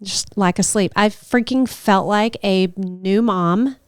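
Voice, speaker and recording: Young woman cohost rambling thru a story, really smooth clear voice, dry close sound. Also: mid-range voice, takes it slowly, dry recording. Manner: chatty storyteller, rambling with fillers. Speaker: podcast co-host. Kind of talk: casual chat.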